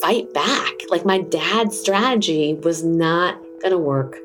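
Middle-aged woman guest, low pitch, animated candid storytelling with acted-out quotes. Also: slow pace, music in the background. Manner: animated, acts out quoted voices, many fillers. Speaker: interview guest.

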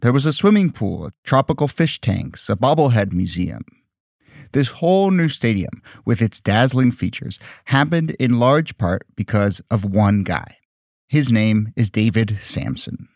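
A man's voice: lowish voice, animated, measured pace, creaky, a little mellow, no echo, studio quality. A man hosting a podcast, narrating in a wry, conversational and skeptical way. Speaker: podcast host. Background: faint music.

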